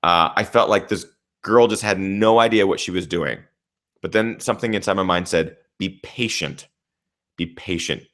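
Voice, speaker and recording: A young man, a trail runner and channel host, recapping a race in casual, animated storytelling, swearing freely. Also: sits low, normal speed.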